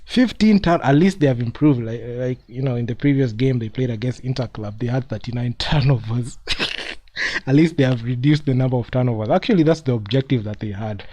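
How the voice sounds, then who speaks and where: A man's voice: medium pitch, brisk, warm tone. A man streaming live commentary on a basketball game, mocking the losing team, laughing often and repeating himself.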